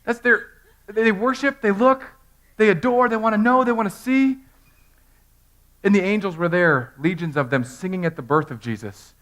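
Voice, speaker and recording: A man in his thirties preaching an animated Easter sermon in a church, telling the story with humor and acting out voices. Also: high-pitched, moderate pace. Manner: storytelling, acts out characters in funny voices. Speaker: pastor. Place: church sanctuary.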